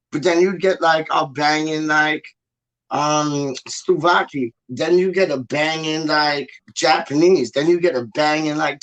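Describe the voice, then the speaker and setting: A man chatting casually with an animated, slang-heavy way of talking and a lot of swearing. His voice sits a little higher than most men's. He acts out what people said as he goes. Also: creaky. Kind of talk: casual chat.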